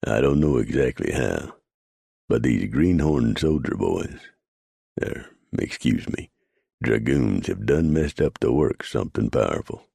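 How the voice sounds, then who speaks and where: A man's voice: rumbling low, lively intonation, a little slow, vocal fry, warm tone, slightly rough, no room sound, studio quality, full character voice. A man voicing an easygoing frontier mountain man with folksy backwoods speech. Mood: indifferent. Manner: drawling folksy backwoods talk.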